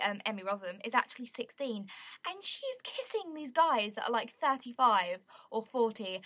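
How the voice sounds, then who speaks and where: Gushing young British woman, bright voice. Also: on the high side. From Britain. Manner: excitable, gushing, bursts into song. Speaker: vlogger. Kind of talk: casual chat to camera.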